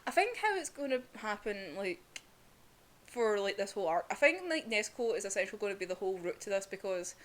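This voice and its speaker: A woman's voice: mid-range voice, fairly quick. A young woman giving a casual, emotional review of a manga, chatty, full of "like" and the odd swear word.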